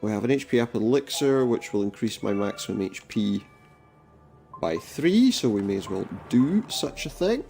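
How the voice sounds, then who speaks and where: A man doing casual gameplay commentary, reading the game's dialogue aloud in a flat voice with dry, jokey asides. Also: mid-range voice, normal speed, faint music behind. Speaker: let's play commentator.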